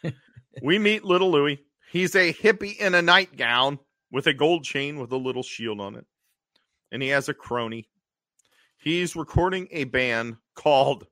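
Male podcast co-host, lively and bright, dry close sound. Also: a little high, unhurried, no room sound. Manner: animated recapping with acted quotes. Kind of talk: casual chat.

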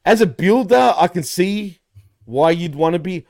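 A man's voice: sits high, lively intonation, unhurried, gravelly, darkish tone, no room sound, studio quality. A man co-hosting a show in casual chat, talking loosely with lots of slang fillers. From Greece. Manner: loose and slangy, peppers talk with "bro" and "like". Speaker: podcast co-host.

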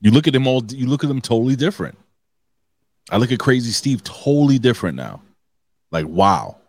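Medium in pitch but swinging widely, this man's slightly mellow voice moves a little fast, with no echo. He co-hosts a wrestling review podcast, and his talk is casual and animated, full of swearing and restarted sentences.

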